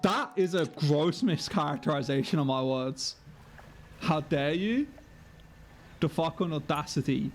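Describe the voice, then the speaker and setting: A man's voice: a little high, animated, unhurried, slight background noise. A man putting on a British accent to play an indignant, pompous man. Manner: mock-offended and haughty.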